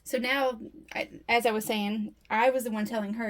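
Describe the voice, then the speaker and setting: In a casual home vlog, a woman talks and thinks out loud while making a resin piece, often cutting herself off mid-sentence. Her pitch is fairly high and steady, her speed normal, and the recording low quality.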